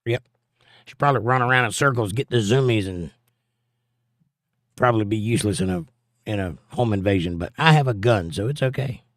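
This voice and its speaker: A man's voice: medium pitch, animated, fairly quick, pauses often, no echo, clean studio sound. Laid-back man hosting a livestream. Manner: laid-back, folksy, drawling. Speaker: livestream host. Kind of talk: casual live-stream chat, reading viewer comments.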